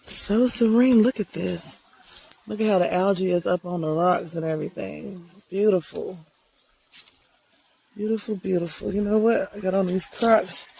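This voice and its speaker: A hiking vlogger, speaking slowly and reflectively, encouraging viewers while out on a wooded trail near waterfalls. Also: medium pitch, gravelly, dark tone, breathy edge, low-quality recording. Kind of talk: motivational outdoor vlog.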